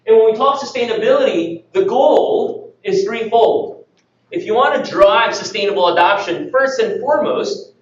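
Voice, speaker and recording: A man gives a lively conference talk, tossing rhetorical questions at the crowd. His voice sits high for a man. It is picked up from a distance in a booming, echoey hall, with a dull, muffled tone. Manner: energetic, rhetorical questions to the audience. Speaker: conference speaker. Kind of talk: conference presentation.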